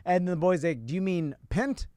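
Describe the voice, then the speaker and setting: A man tells a long, rambling story on a radio show and laughs his way through it. His voice is high, smooth and resonant. The sound is dry and close. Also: normal speed, darkish tone, no echo. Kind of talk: casual banter.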